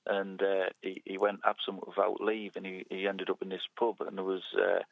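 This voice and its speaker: Deep gravelly male caller on a phone line. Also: completely flat delivery, no room sound. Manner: hesitant, halting recollection. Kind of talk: casual phone-in chat.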